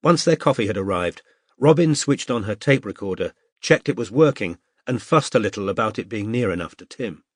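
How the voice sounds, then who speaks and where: A man narrating a detective novel as an audiobook in a measured, steady storytelling manner. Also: fairly low pitch, dry recording, studio quality. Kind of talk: scripted narration.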